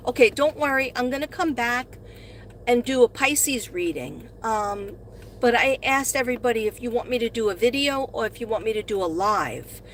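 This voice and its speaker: Recorded on a phone, this middle-aged woman hosts a relaxed live stream from inside her car, where she works as a host and astrology reader. Her voice sits on the higher side with a faint hiss or hum underneath. She chats with viewers in a meandering way and gets effusive when thanking them.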